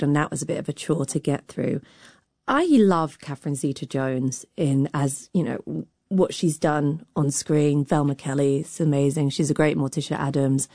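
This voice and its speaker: A woman's voice: sits low, warm tone, no room sound, studio quality. A woman critic on a radio arts show, frank and wry, with fillers. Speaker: critic and cultural commentator.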